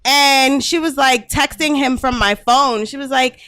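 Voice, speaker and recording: A woman's voice: high voice, unhurried, bright, forceful tone, no echo, studio quality. A woman co-hosting a podcast, blunt and laughing in casual chat. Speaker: podcast co-host.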